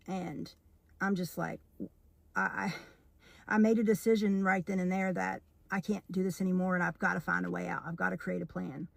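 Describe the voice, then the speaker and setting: A woman's voice: on the low side, fairly even intonation, normal speed, vocal fry. Earnest woman in an echoey room. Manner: earnest, hesitant recounting with many fillers; talking while painting. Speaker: storyteller. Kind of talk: casual personal storytime. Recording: echoey room with long reverb.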